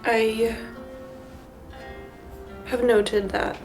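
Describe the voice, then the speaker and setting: A woman's voice: on the high side, little pitch movement, extremely slow, darkish tone, soft background music. A woman co-hosting a gameplay video, chatting casually and teasing her partner. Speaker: co-host playing along. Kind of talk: casual chat.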